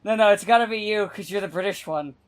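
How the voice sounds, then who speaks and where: Brief: mid-pitched New Jersey voice, quick to laugh, crude jokey banter. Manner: giggly, jokey, swears a lot. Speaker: gaming commentator. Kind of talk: casual let's-play chat.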